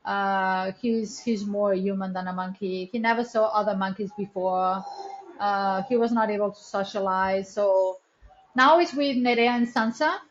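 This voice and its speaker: A woman's voice: medium pitch, steady tone, a little slow, lo-fi sound. A woman, the founder of a wildlife rescue center, talking as a guest in a casual interview with an earnest, chatty storytelling manner and non-native English phrasing.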